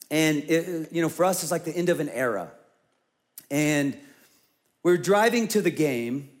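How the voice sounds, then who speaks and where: Male pastor, forties, high voice, animated sermon storytelling, loud then hushed.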